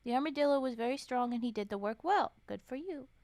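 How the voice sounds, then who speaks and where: Woman streamer, storytime reader, a touch high, chatty asides between read lines, dry close sound. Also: expressive, fast, a little mellow, no room sound. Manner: chatty, swears and laughs, interrupts the reading with comments. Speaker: streamer reading folktales. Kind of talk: casual storytime stream with reading aloud.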